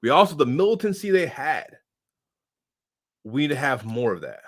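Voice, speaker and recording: A man casually answering viewer comments in a loose, slangy, rambling way, full of fillers and sudden swings in loudness. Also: medium pitch, sing-song, moderate pace. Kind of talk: casual unscripted political commentary.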